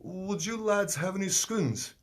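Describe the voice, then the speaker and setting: A man putting on an English accent to voice a friendly young English hippie musician in a drawn-out, higher voice. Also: lively intonation. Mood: asking. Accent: English, put on.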